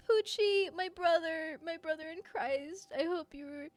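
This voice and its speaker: High-voiced, excitable woman streamer. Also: a little slow, no echo. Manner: excitable, gushing, laughs often. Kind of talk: casual live-stream chat while playing. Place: her room at home.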